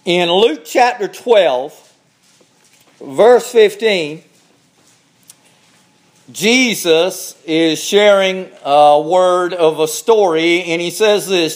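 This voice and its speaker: A man preaching in a high voice with a lilt. He takes his time, leaning hard on each phrase and letting it rise as he drives it home. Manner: slow, emphatic preaching with rising exclamations. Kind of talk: sermon.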